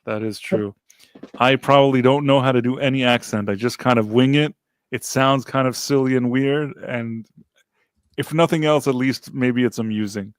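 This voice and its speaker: Relaxed man hosting a livestream chat. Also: mid-range voice, normal speed, clean tone, dry recording, clean studio sound. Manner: relaxed, thanking chat viewers. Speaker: podcast host.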